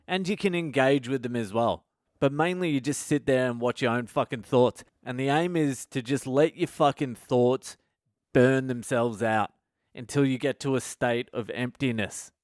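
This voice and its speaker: A man's voice: medium pitch, moderate pace, a little mellow, dry recording, clean studio sound. A male comedian hosting his own podcast, talking in a casual comedic monologue full of swearing and self-mocking asides.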